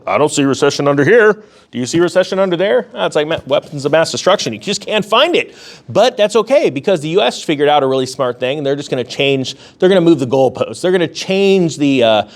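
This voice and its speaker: A man hosting a casual economic news commentary, his voice sitting a little high for a man. He drops sarcastic asides and jokes as he goes, jumping quickly up and down in pitch and speeding up and slowing down. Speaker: host of an economics news channel.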